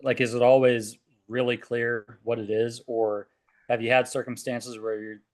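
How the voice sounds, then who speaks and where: Man, podcast host, casual and probing, mid-pitched voice. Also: little pitch movement, moderate pace. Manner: thoughtful, probing questions. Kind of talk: casual interview question.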